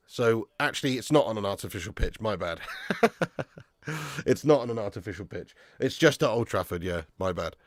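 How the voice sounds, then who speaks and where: A man's voice: fairly low pitch, lively intonation, fairly quick, no echo, clean studio sound. Chatty man reading live chat. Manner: casual, banter, laughs often, calls viewers lad and mate. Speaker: football fan channel host. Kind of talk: live stream chat reading viewer comments.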